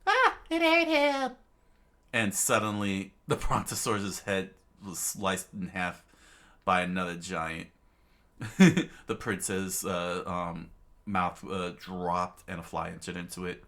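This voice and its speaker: A man's voice: low voice, level tone, slow pace, a bit bright. A man reading a comic aloud, rambling with fillers and giggling as he goes. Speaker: reader of a comic. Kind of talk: loose improvised comic reading.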